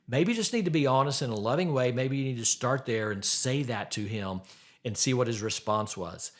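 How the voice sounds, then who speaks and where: Middle-aged man, podcast host, faith-based advice talk, earnest, asks direct questions, medium pitch. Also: animated, a little fast.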